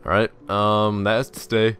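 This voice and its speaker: Young male game commentator, slightly low voice, tired, rambling, jokey self-deprecating asides. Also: completely flat delivery, measured pace, a bit bright, faint music behind. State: tired, yawning. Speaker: gaming channel host. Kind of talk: casual Let's Play commentary.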